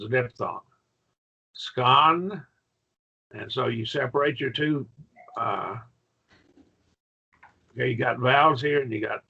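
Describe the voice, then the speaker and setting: Brief: male Bible-Greek teacher, gravelly and husky, patient, dull lo-fi classroom sound. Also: mid-range voice, fairly bright tone. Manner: patient, checks in with "okay?" often. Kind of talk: classroom lesson.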